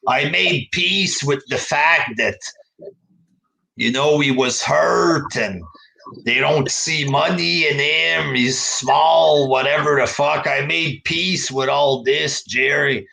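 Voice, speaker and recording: A man's voice: fairly high pitch, takes it slowly, gravelly, pushed and bright, low-quality recording. A man hosting a casual wrestling talk show, exasperated and profane, firing off rhetorical questions. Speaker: host of a wrestling review show. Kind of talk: casual podcast commentary.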